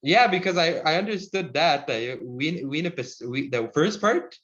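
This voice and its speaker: A man teaching a language lesson over a video call, relaxed and encouraging, laughing often. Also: a little high, a little slow, muffled recording.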